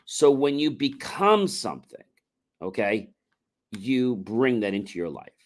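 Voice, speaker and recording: Give me a man coaching a talk-show audience on mindset, repeating self-talk phrases, at an ordinary pitch. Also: expressive, a little slow. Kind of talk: motivational talk-show explanation.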